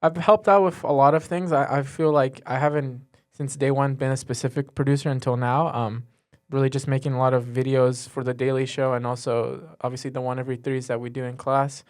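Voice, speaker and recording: A teenage boy, a student guest, answering in a casual interview with an earnest, halting way of talking and many fillers. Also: mid-range voice, level tone. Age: teens.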